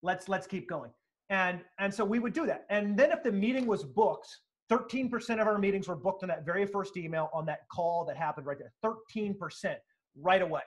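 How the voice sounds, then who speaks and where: A man's voice: high voice, brisk. A man being interviewed as a sales author, telling stories with energy and emphasis, acting out quotes and swearing now and then. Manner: animated, emphatic, acts out quotes, occasional profanity. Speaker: sales speaker and author, guest.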